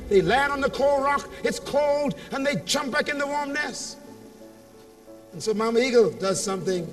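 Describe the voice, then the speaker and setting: A man with a strikingly high voice delivers a motivational speech in a large convention hall, drawing each word out slowly. He tells his story with dramatic build-ups and calls for the crowd to answer back. The mic sits at a distance, and faint music plays beneath him. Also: a bit bright. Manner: dramatic storytelling with call-and-response. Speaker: motivational speaker.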